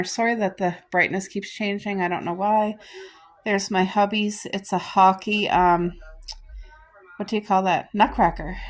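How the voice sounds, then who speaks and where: Chatty middle-aged woman vlogging at home. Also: mid-range voice. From Canada. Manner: chatty, homey, apologetic asides. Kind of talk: casual home vlog.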